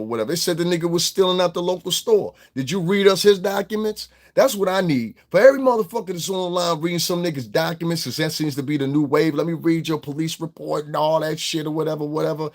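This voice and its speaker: A man's voice: fairly high pitch, quick pace, few pauses. A man hosting a livestream, ranting bluntly and profanely straight at his chat and slipping into mocking voices of others. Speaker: online show host. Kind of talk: casual livestream rant.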